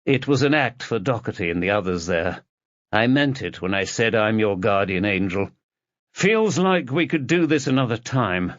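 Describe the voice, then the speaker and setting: A man voicing a male senior police officer, low-key and reassuring in a guarded way. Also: expressive, moderate pace, no room sound, highs cut off, lightly acted.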